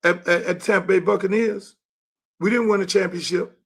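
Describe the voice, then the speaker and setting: A middle-aged man holds forth in a heated, profane monologue. His voice sits high for a man and often climbs into shouting. He talks as the host of his own show. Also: brisk, gravelly, husky. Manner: angry, profane, rising to shouts. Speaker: show host and youth football coach.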